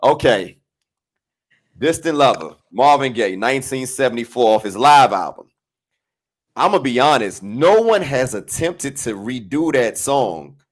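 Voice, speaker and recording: A man's voice: medium pitch, lively intonation, measured pace. A man from Washington, D.C. hosting a podcast interview, enthusiastic and slangy. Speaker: podcast host. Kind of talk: casual interview chat.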